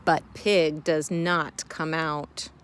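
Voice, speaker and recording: A woman teacher reading a picture book aloud to children in a playful, expressive way, then explaining a reading task. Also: deep voice, drawn-out words, slight background noise.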